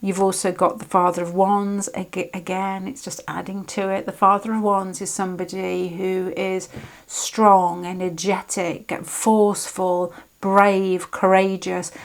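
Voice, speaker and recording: A British woman giving a casual, rambling tarot reading, often breaking off and restarting her sentences. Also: medium pitch. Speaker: tarot reader.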